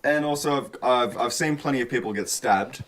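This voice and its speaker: A man co-hosting a casual podcast, speaking haltingly and flatly about grim events. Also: mid-range voice. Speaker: podcast co-host. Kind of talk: casual chat.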